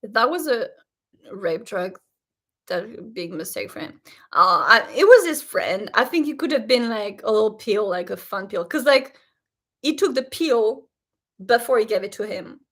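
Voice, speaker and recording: A woman hosting a casual reaction vlog, talking straight to her viewers in an animated, indignant way. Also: fairly high pitch, moderate pace. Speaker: show reaction host.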